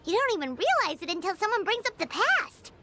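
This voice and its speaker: A woman voicing a tiny, excitable female fairy companion in a game, who talks about herself in the third person. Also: very high voice, brisk, heavily acted. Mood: chirpy. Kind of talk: game voice acting. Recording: game audio with audible background noise.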